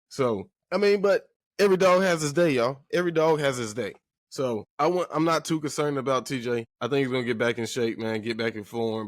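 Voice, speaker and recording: A man's voice: a little high, no room sound, studio quality. A man hosting a sports podcast in casual talk, emphatic and repeating phrases for effect while addressing listeners directly.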